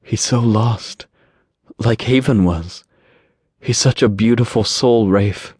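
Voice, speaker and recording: A man voicing a sentimental gentle angel. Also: on the low side, takes it slowly, breathy edge, no room sound, studio quality, voice pushed up. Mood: tender. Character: sentimental gentle male angel, young adult.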